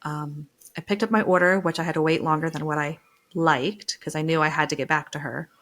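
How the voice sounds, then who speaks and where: Brief: middle-aged woman, lower pitch, animated swearing storyteller, podcast co-host. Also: a little fast. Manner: animated storyteller, swears freely, acts out family quotes. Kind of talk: casual chat.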